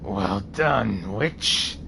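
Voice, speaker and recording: A man doing a vengeful, low-growling warlord. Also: animated, extremely slow, gravelly, noisy background, heavily acted. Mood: taunting. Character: menacing hulking male warlord, bitter and vengeful. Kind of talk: reading game dialogue aloud.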